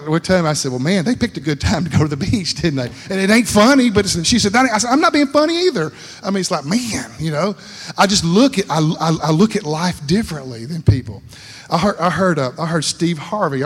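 A man's voice: high-pitched, husky. A man preaching a folksy sermon, rambling and repeating words, laughing at himself and acting out voices in his stories. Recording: long hall reverb.

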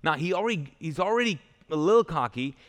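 A man's voice: fairly high pitch, expressive, quick pace, fairly bright tone. A male pastor preaching a sermon live in a church, retelling a story in a casual, joking way with loose paraphrase. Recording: live church hall reverb.

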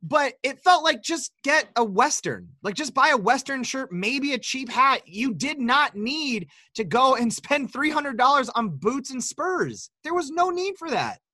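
A man's voice: very high voice, sing-song, measured pace, few pauses, sharp tone, no echo, studio quality. A young man from the American Midwest, co-hosting a podcast in casual, teasing banter full of swearing. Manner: joking, profane, teasing. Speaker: podcast co-host.

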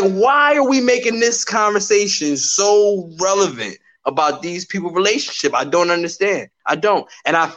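A man co-hosting a podcast in casual chat, animated and playful, acting out little quotes as he talks. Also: sits high, lo-fi sound. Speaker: podcast co-host.

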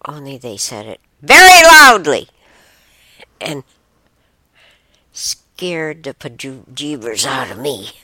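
A woman hosts her own show and tells a personal story in a slow, unhurried way. Her voice is bright and rises and falls a lot. She rambles, restarts and corrects herself, and the sound is dry and close. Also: low-pitched, huge pitch swings, dry recording. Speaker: show host.

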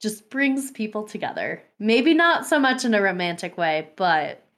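A woman co-hosting a casual podcast chat, relaxed and chuckling as she talks. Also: medium pitch, normal speed. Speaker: podcast co-host.

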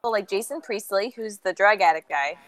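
A woman in a casual chat among friends, animated and quick to exclaim. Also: mid-range voice, over a noisy crowd.

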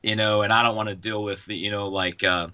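A man's voice: on the low side, brisk, clear, resonant tone. A man, a pastor and church planter, earnestly telling his story as an interview guest over a video call. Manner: earnest, relaxed, many fillers. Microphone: video call over Skype. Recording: dull lo-fi Skype audio.

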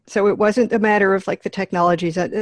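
A woman on a podcast, chatting casually in a halting way with many fillers. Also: medium pitch, steady tone, no echo. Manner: halting, many "you know"s and restarts. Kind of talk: casual chat.

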